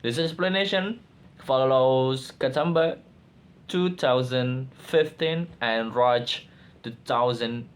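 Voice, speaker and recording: A man reading out lecture slides for a class project in a slow, careful way, sometimes halting and restarting words. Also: medium pitch. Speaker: student presenter.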